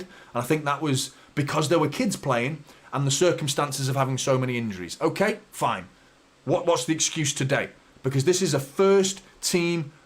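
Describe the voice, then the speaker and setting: A man hosting a live football watchalong, commentating and ranting at his team's players with frustrated, sweary exasperation. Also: on the high side. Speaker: fan channel host.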